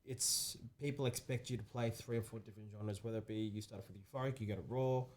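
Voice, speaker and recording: A man's voice: mid-range voice, fairly even intonation, a little mellow. A man co-hosting a podcast, talking casually with frequent restarts. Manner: halting, many restarts and fillers. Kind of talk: casual chat.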